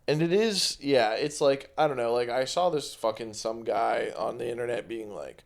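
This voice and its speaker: A man's voice: medium pitch, normal speed, gravelly, few pauses. A young man co-hosting a podcast, bantering casually with swearing and trying out silly accents. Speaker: podcast co-host. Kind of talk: casual chat.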